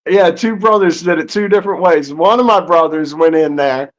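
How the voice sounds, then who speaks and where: High-voiced man telling a story. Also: normal speed. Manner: animated anecdote telling. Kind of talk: casual storytelling.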